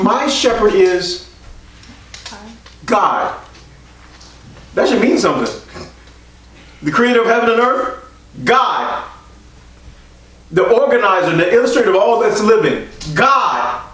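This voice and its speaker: Man pastor preaching, high voice swinging all over, far off mic in a roomy church. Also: sing-song, slow pace, pauses often. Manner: preaching call-and-response, rising to shouts. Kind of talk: sermon.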